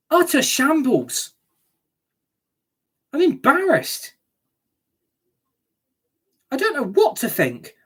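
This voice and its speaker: A woman's voice: sits high, husky. A woman ranting angrily as a football fan reacting to a match, sweary and scornful.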